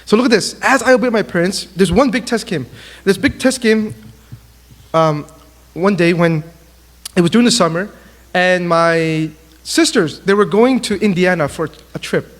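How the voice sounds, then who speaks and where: Man, high-pitched, youth sermon, animated storyteller, big reverberant hall. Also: moderate pace. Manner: animated storytelling, acts out quotes. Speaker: youth speaker. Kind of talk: sermon to young people.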